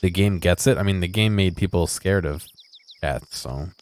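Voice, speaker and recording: A man's voice: sits low, moderate pace. A man giving casual, wry commentary while playing a video game, musing aloud and joking about what he sees. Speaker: let's play commentator.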